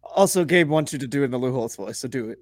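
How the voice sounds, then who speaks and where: A man's voice: medium pitch, lively intonation, fast, dry recording, clean studio sound. A man co-hosting a sports podcast, blunt, profane and exasperated. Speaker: podcast co-host. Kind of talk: casual sports chat.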